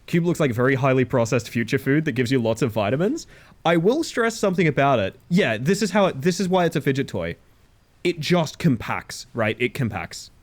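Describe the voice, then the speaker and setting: A man streaming a game live, chatting casually with his viewers in a playful, animated way and swearing freely. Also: medium pitch. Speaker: livestreamer. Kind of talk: casual chat while gaming live.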